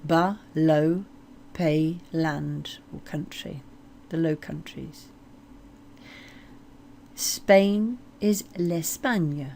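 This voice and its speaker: Woman teaching French slowly. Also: deep voice, gravelly, a little mellow, a little hiss or hum. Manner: slow, deliberate modeling of French words. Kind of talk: explanatory language lesson.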